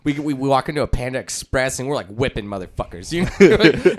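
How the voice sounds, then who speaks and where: A young man co-hosting a casual podcast, rambling and swearing, often slipping into loud mocking voices. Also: mid-range voice, expressive, fast talker, over a noisy crowd. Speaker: podcast co-host.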